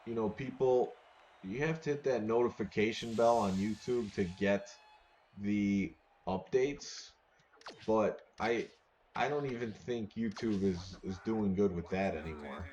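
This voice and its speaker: A man's voice: fairly low pitch, unhurried, darkish tone. A man live-streaming a football video game, chatting casually with viewers and rambling through repeated words.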